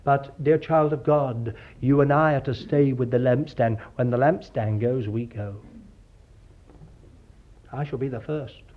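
A man's voice: medium pitch, measured pace, slight background noise. A man preaching a sermon in an earnest, digressive way, often calling his listeners dear child of God. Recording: dull lo-fi sermon recording.

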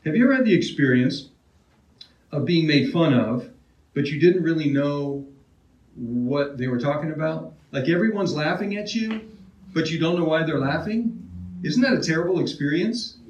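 A man's voice: on the high side, expressive, moderate pace, dull audio. A man preaching an expository sermon in a conversational way, often restarting phrases and asking his listeners questions. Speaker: pastor. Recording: roomy, heard from a distance.

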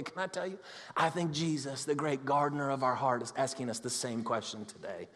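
A man preaching a sermon in a conversational way, moving between loud excitement and hushed, intimate talk. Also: mid-range voice. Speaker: pastor. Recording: long hall reverb.

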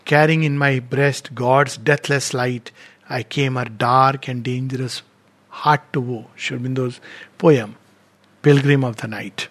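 A spiritual teacher, a man, reads poetry aloud and explains it in a measured, reflective way, pausing often. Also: medium pitch, steady tone, fairly bright tone.

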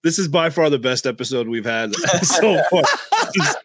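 A man's voice: a little high, expressive, normal speed, noisy background. Laughing, cursing male co-host. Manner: laughing, swearing, blurting out reactions. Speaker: podcast co-host. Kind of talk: casual chat.

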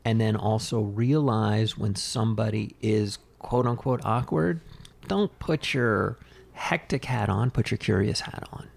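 A man co-hosting a casual chat, relaxed and agreeable, telling anecdotes. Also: lowish voice, unhurried, vocal fry. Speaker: podcast co-host.

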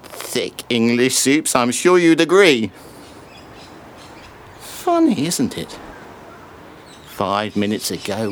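A smarmy soup-imitating oddball. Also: male voice, medium pitch, a little hiss or hum. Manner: smarmy, self-satisfied, making slurping sounds. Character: odd, overly friendly man who imitates soups.

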